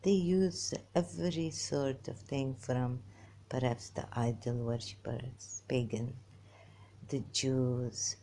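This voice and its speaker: A woman talking to her viewers in a rambling personal monologue, halting and giggly, often restarting and trailing off. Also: very deep voice, fairly even intonation, dark tone, a little hiss or hum. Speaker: vlogger.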